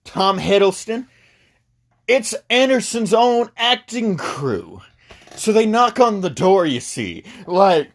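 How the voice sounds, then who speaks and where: Man, podcast movie reviewer in a studio, rambling and self-mocking, lively up-and-down delivery. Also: high-pitched, slow, a little hiss or hum.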